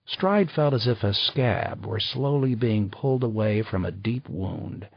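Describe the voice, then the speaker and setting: A man reading audiobook narration in an even, measured way. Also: mid-range voice, slightly rough, no room sound. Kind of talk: scripted narration. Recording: slightly dull dry recording.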